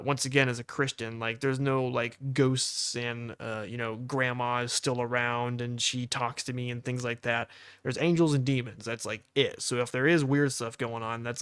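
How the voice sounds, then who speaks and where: Here a young man co-hosting a podcast recounts something casually, peppering it with "like" and imitating the people he quotes. The medium-pitched voice is clean, the recording dry, the sound clean studio quality.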